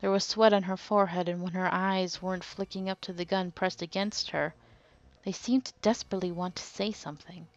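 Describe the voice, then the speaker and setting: A woman hosting a let's play, reading the game's text aloud in a measured way with lively asides, on a dull, dry recording. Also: on the low side.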